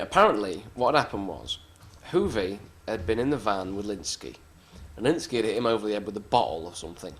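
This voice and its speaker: A man, a wrestler being interviewed, telling backstage stories in a blunt, swearing, self-mocking way. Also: lowish voice. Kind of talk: casual anecdotal storytelling.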